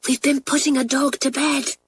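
A woman reading a storybook and voicing an eager, soft-hearted schoolgirl who is close to tears. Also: high-pitched, level tone, normal speed, pitched above the performer's own voice, lightly acted.

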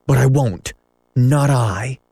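A man's voice: mid-range voice, expressive, unhurried, dark tone, slightly rough, no echo, studio quality. A man voicing a proud, defiant boy who never grows up, boastful and sneering in a storybook reading.

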